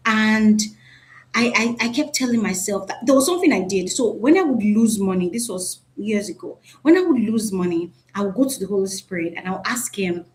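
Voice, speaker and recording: Teaching live over a video call, a woman speaks briskly in a mid-range voice with lively intonation. Her manner is chatty, she repeats "right?" again and again, and she puts questions to the class.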